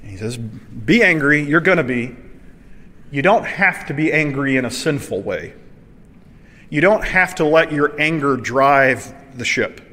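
A man preaching a sermon in a conversational, animated way, asking the congregation rhetorical questions. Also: mid-range voice, measured pace. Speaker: pastor. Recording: long hall reverb.

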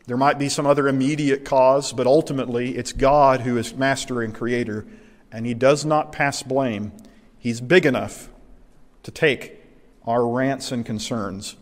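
A male pastor delivering a sermon in an earnest, emphatic voice, deliberately slowing down on the lines he wants to land. His voice has a mid-range pitch, and the long reverb of a large hall trails behind every phrase. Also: steady tone. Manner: earnest, emphatic, slows down for key points.

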